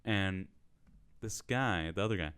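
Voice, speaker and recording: A man with a somewhat low voice co-hosts a podcast among friends. He retells a movie in a rambling, halting way. His talk is full of fillers and restarts. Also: fairly bright tone, smooth. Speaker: podcast co-host. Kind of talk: casual chat.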